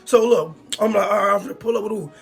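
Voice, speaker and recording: A young man, telling a long storytime with slangy, repetitive, excitable talk. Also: high-pitched, quick pace, gravelly, slightly rough, soft background music. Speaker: storytime YouTuber. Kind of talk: animated storytime monologue.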